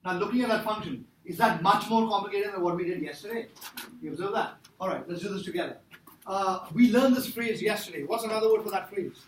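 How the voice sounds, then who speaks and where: A man's voice: high voice, fast, far from the mic, slight background noise. Emphatic male math teacher, echoey classroom. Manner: emphatic, repeats himself, quizzes students. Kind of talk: classroom lecture.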